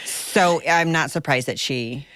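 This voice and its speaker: A woman's voice: low-pitched, unhurried, no echo. A woman guest on a podcast, talking casually and reassuring her friend with short supportive replies. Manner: supportive, quiet backchannels. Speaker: guest, lifelong best friend. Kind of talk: casual chat.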